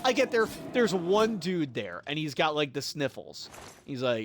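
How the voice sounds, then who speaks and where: A man's voice: fairly high pitch, unhurried, faint music behind. A man telling a story casually on a live game stream, exasperated and profane, muttering to himself as he plays. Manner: profane, exasperated, animated retelling.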